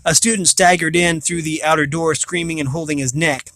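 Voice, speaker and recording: On the high side and fairly bright, this man's voice stays fairly even as he reads a novel a little quickly, with no room sound. His amateur audiobook reading is marked by repeated stumbles, restarts, and self-corrections.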